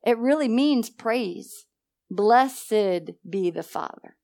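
Animated woman teaching Bible study. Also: a little high, slow. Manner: animated, laughs often, acts out dialogue. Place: church meeting room.

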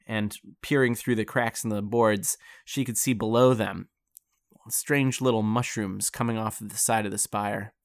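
A man narrating a fantasy story in a relaxed, conversational way. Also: on the low side, no echo. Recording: faint background music.

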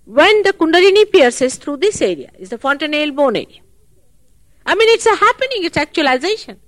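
A woman giving a spiritual talk at a public program, animated and full of rhetorical questions. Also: high-pitched, brisk, no echo. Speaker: spiritual teacher.

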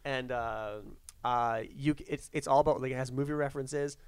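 A man co-hosting a casual podcast chat, talking in a halting way full of uhs and ums. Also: mid-range voice, fairly even intonation, clean tone, no echo. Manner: halting, lots of uh and um. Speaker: podcast co-host.

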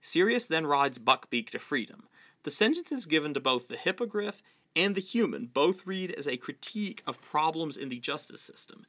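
A man giving measured, explanatory commentary on a novel. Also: a little high, sharp tone. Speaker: literary commentator. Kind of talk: analytical book commentary.

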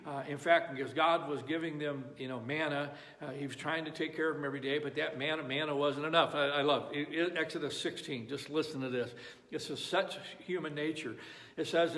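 A man's voice: on the high side, fairly even intonation, brisk, fairly bright tone. A man preaching a sermon, emphatic and repeating phrases for effect. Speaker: pastor. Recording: echoey hall reverb.

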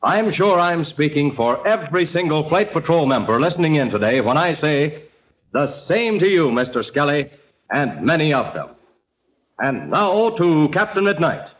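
A man announcing a 1940s radio serial, addressing young listeners in a chummy, enthusiastic way. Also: a little high. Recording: dull, faintly hissy old radio recording.

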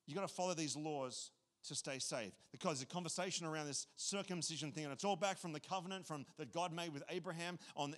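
High-voiced male pastor, lively and joking, casual sermon delivery. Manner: animated, casual and joking, repeats phrases.

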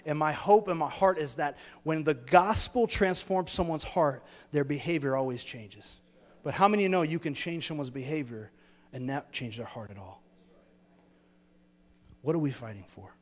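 A man's voice: fairly high pitch, normal speed, in a large hall. A man preaching a sermon as pastor, earnest and storytelling, building his points through repeated phrases.

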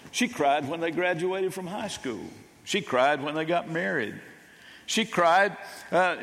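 An older man preaching a sermon as pastor, folksy and halting, with many restarts. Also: high-pitched, fairly bright tone. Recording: long reverb of a church hall.

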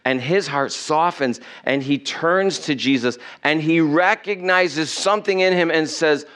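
A man's voice: on the high side, fairly bright tone. Man preaching a conversational sermon. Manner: conversational preaching with rhetorical questions. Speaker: pastor. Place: church.

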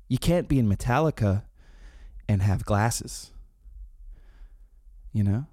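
A man in his thirties chats casually and swaps stories with a swear-laden, animated delivery. His voice sits low and mellow. It is recorded close up in a dry space. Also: slow, pauses often, no room sound. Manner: animated storytelling with quoted impressions, swearing and laughs. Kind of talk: casual chat.

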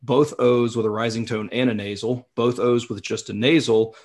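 A man's voice: medium pitch, flat delivery, normal speed, a little mellow. A man chatting casually as a guest, rambling and explaining with many restarts. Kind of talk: casual chat.

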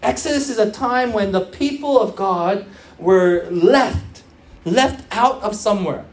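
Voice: medium pitch, a little slow. A preacher of Korean background giving an earnest sermon to young churchgoers, repeating phrases for emphasis and restarting often with fillers.

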